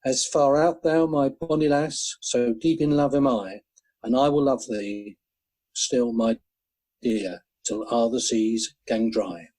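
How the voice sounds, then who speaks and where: A man reciting poems in a measured, gentle way over an online call. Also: medium pitch, low-quality recording. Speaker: poetry reader. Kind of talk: poetry reading.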